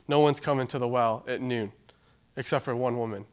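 A man preaching a sermon in a relaxed, conversational way, with fillers and asides to the congregation. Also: mid-range voice, brisk, smooth. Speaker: pastor.

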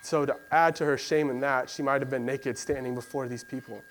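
A man's voice: medium pitch, fairly even intonation, brisk, soft background music, rough recording. A man preaching a sermon in a conversational, storytelling way, with "um" and "you know" fillers. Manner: conversational storytelling with fillers, acts out voices of biblical figures.

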